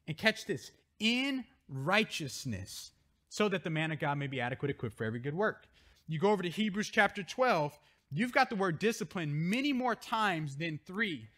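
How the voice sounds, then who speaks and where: In a church sanctuary, a pastor preaches a sermon, reading scripture verses aloud and stressing key words as he explains them. His voice sits high and sounds a bit bright.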